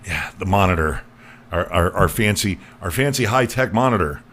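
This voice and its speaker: A man's voice: deep voice, expressive, moderate pace, a bit bright. A man hosting a comedy podcast, stammering and repeating words as he jokes crudely with his guests. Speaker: podcast host. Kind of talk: loose comedic podcast banter.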